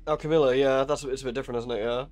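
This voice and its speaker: A man's voice: medium pitch, fairly even intonation, very fast, darkish tone. A young man chatting casually while live-streaming a horror game, joking, swearing and laughing often.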